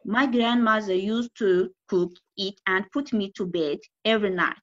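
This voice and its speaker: A woman reading the lines of a crafty little dwarf boy in a folk tale, in a plain, halting voice on a dull lo-fi recording. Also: medium pitch, fairly bright tone, natural voice.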